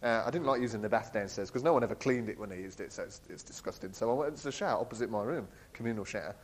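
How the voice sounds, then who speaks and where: A man telling a personal story in an animated way. He laughs often and acts out the voices of the people he quotes. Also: mid-range voice, rapid-fire, low-quality recording. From England. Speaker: speaker sharing a personal testimony. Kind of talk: storytelling talk.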